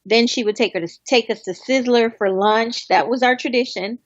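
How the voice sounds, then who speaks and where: A woman's voice: on the high side, moderate pace, dry recording, muffled recording. A woman in her thirties, a guest in an interview, talking in a heartfelt, reminiscing way. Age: 30s. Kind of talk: interview conversation.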